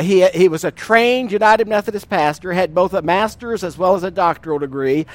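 A man's voice: high voice, no room sound. A middle-aged man preaching a sermon, telling folksy stories with a laugh and stretching out key lines. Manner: folksy storytelling with laughter and emphatic drawn-out verses. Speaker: pastor.

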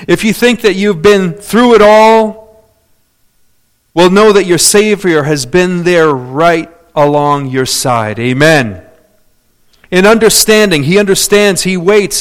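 A male preacher delivering a sermon, swinging between loud, drawn-out declarations and hushed, soft-spoken asides. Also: sits high, clean tone.

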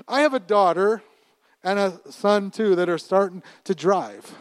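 Here a middle-aged man preaches as pastor, lively and laughing a lot, his volume falling to a hush and swelling loud again as he often repeats words. The voice is high and smooth at a normal speed, with no echo.

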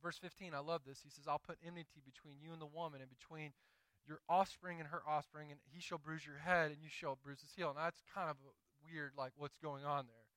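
A man with a Southern accent preaching a sermon in an animated, conversational way, slipping into quick acted asides. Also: fairly high pitch, no echo, poor audio. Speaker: pastor.

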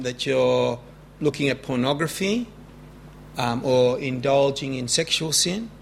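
Slow, earnest male preacher. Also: a little high, a bit bright, a little hiss or hum. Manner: earnest, rising with emphasis, slow deliberate preaching. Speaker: pastor. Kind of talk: sermon.

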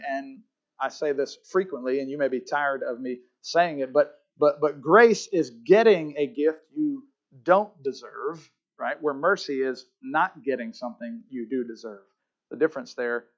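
A man's voice: on the high side, normal speed, muffled recording. A man preaching a sermon as a pastor, emphatic and often asking his listeners "Amen?". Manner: emphatic, asks the congregation "Amen?".

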